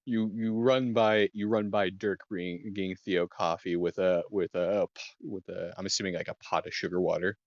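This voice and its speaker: A man narrating as game master, describing scenes with many pauses and restarts. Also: low voice, fairly even intonation, no echo, lo-fi sound. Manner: halting, many ums and restarts.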